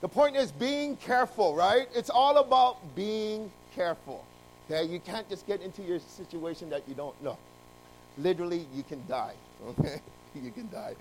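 A man preaching, telling a long story with lively ups and downs of loudness and frequent restarts. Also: sits high, normal speed, slight background noise, rough recording. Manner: animated, jumping between loud emphasis and quiet asides. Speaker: pastor. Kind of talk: sermon with storytelling.

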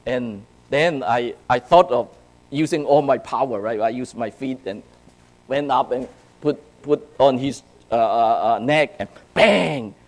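The voice belongs to a Chinese man preaching to youth in a mid-range, measured delivery, captured on a rough recording. He tells a personal story with lively jumps between soft and loud. "Right?" and "okay?" punctuate his talk often.

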